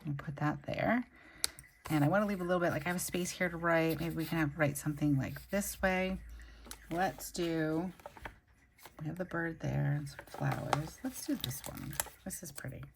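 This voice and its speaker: Her creaky, low-sitting voice moves at a moderate pace over background noise. She's a young planner channel host, recovering from a migraine, chatting casually and gushing about stickers while she decorates her planner on camera.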